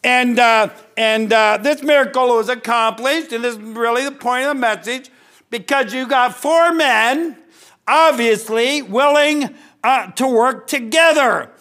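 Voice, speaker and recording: A man's voice: very high-pitched, a little slow, bright, forceful tone. A man preaching a sermon, folksy and joking, often restarting his sentences. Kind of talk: sermon with live illustration.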